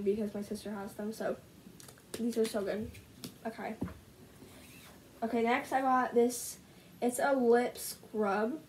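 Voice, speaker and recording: A teenage girl filming a casual haul video at home, gushing over each item with lots of "like" and "so good", her voice a little rough. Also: a little high, mellow, slight background noise, rough recording. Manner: gushing, bubbly, heavy use of "like". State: slightly rough voice. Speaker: vlogger. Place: at home, indoors. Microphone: camera set up in front of her.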